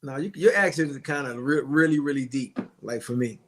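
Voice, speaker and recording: Easygoing boxing trainer guest. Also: male voice, medium pitch, a bit bright. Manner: easygoing, halting, repeats words. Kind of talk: casual interview chat.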